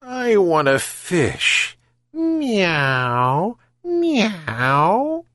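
A man's voice: high-pitched, huge pitch swings, extremely slow, a bit bright, no room sound, clean studio sound, voice pushed up, heavily acted. A man putting on a sly mewing black cat. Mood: wheedling. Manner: mewing, fake purring.

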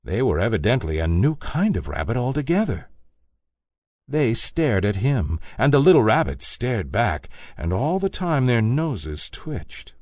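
A man reads a children's story aloud in a gentle storytelling voice. His pitch rises and falls very expressively, and the sound is dry and close, with no room echo. He sits at a middle male pitch. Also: very animated, a little slow.

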